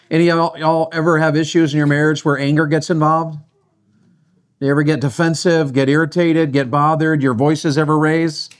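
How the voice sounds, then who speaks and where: A man's voice: on the high side, normal speed. A middle-aged man preaching a sermon on marriage, folksy and often asking his audience questions. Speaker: pastor.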